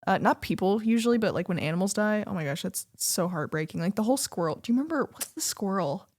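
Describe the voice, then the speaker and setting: Lively young woman co-hosting a chat podcast. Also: medium pitch, quick pace. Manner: chatty storyteller, animated, laughs often. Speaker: podcast co-host. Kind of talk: casual chat.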